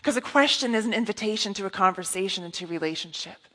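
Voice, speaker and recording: A woman preaching a sermon in an earnest, intimate way, often dropping to a hush. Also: medium pitch, brisk. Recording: long reverb of a hall.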